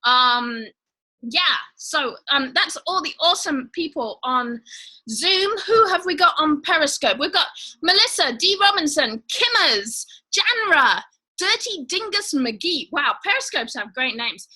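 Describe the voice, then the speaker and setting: A woman's voice: high voice, very animated, unhurried, sharp tone, low-quality recording. A woman hosting a live online show, chatting casually with viewers in a bubbly way with lots of fillers. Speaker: livestream host.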